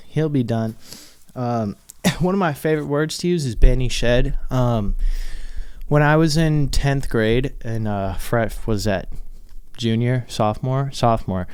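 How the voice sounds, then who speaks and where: A man's voice: medium pitch, unhurried, darkish tone, smooth, no echo. Rambling, swearing young man podcaster. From Minnesota. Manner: rambling, swears freely, laughs often. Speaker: podcast host. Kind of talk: casual solo podcast monologue.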